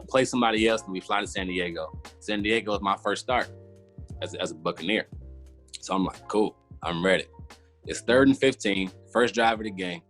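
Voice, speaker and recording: Guy in his 30s telling a story on a podcast, lowish voice, acts out what he said back then. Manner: animated storyteller, voices his own past reactions. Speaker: former football player, guest. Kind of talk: casual storytelling.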